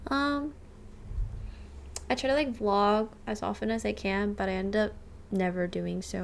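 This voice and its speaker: Woman, twenties, casual stream chat, chatty, gravelly fry, faint background noise. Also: medium pitch, fairly even intonation, a little slow, long pauses. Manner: chatty and bubbly, lots of "like", thanks subscribers by name. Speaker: livestreamer. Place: rented apartment.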